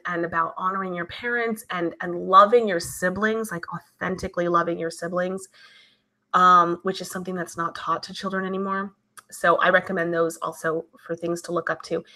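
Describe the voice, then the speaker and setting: Woman host, bright voice, casual live chat, talkative, lots of fillers. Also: on the low side. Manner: chatty, animated, many fillers. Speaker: channel host. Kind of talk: casual live chat reading viewer comments.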